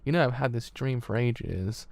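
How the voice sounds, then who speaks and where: A man's voice: mid-range voice, normal speed, vocal fry, lightly acted. A man with a British accent voicing a young woman who has turned vain and cruel, in a haughty, sneering way. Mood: boastful.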